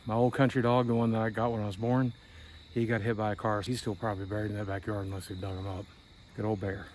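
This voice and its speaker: A man's voice: lowish voice, little pitch movement, fast talker, a little mellow, slight background noise. A middle-aged man vlogging a tour of his hometown, telling candid stories in a wry, conversational way. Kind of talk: casual storytelling. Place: outdoors at night.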